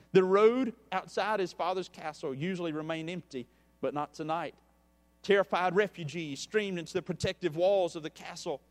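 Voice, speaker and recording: Earnest preacher with a slightly high voice. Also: male voice. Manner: earnest and pleading, dropping soft. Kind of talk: sermon with story reading. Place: church.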